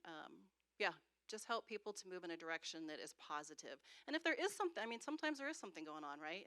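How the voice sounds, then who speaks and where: A woman with a bright, smooth, resonant voice speaks to church small-group leaders in a training session. She tells a personal story in a chatty, conversational way, filling it with "like" and "right?". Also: lowish voice. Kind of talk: training talk with personal stories.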